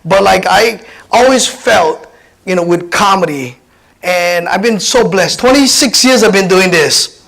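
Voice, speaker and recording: A man in his fifties from Hawaii with a Pidgin-tinged accent, a comedian telling personal stories in an animated, chatty keynote speech. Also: sits high, measured pace, gravelly, rough recording. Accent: Hawaiian Pidgin-tinged English. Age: 50s. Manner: animated, chatty, many restarts and laughs.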